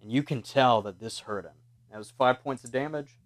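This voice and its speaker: A man narrating and running a tabletop horror game as game master, in a measured, deliberate way. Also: medium pitch, dry recording.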